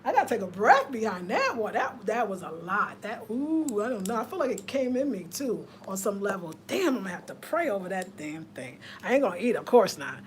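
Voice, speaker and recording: A woman, chatting casually with viewers on a livestream, swinging between loud laughter and hushed murmurs. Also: medium pitch, sing-song, fairly quick, hardly any pauses, slight background noise. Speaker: vlogger.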